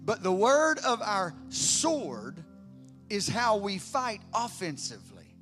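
A man, preaching a sermon emphatically, moving between loud declarations and quiet storytelling. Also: high voice, wildly swooping pitch, slow pace, faint music behind. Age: 50s. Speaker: pastor.

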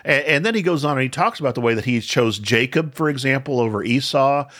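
A man hosting a podcast, teaching the Bible in a conversational way, thinking aloud with restarts and slowing down to stress key points. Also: mid-range voice, animated, a bit bright. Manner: thoughtful, with frequent restarts and slow emphasis.

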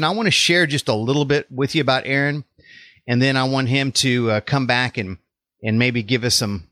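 A man's voice: mid-range voice, fairly bright tone, no room sound, studio quality. A man with a Texas accent hosting a faith podcast interview, upbeat and welcoming. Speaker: podcast host and life coach.

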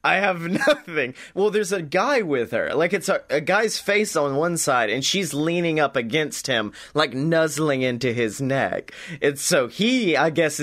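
A man's voice: on the high side, fairly bright tone. A man hosting a comedy podcast, telling a story while laughing and slipping into voices. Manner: laughs through his stories, slips into character voices. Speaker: podcast host.

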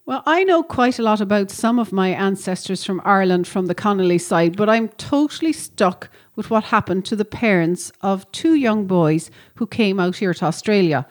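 A woman reading aloud a friendly letter from an Australian listener, in a plain, warm reading voice. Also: medium pitch, animated, moderate pace, few pauses, natural voice.

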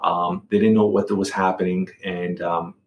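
A man's voice: low-pitched, little pitch movement, moderate pace, reverberant, a little hiss or hum. A middle-aged man telling a personal story as a podcast guest. He talks casually, repeats words and restarts sentences.

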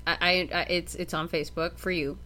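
A woman's voice: lowish voice, flat delivery, a little fast, bright, forceful tone. A woman from Canada co-hosting a podcast in casual chat, giggling often and restarting her sentences. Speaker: podcast co-host.

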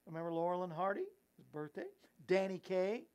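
A man's voice: high-pitched, fairly even intonation, fairly quick, a little mellow, clean tone, highs cut off. A man hosting a Christian talk show, rambling and giggling at himself, then preaching earnestly. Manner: rambling, giggly, self-mocking; preachy exhortation. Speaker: host and evangelist.

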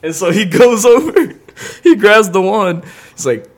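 A man's voice: high voice, big pitch swings, measured pace. A young man hosting a podcast, telling a comedic story in a casual way, laughing often and acting out the voices of the people he quotes. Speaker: podcast host.

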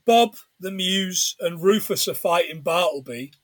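A man's voice: sits high, unhurried, no room sound. A man chatting casually on a podcast, retelling a film's plot and laughing along. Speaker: podcast co-host. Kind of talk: casual film recap chat.

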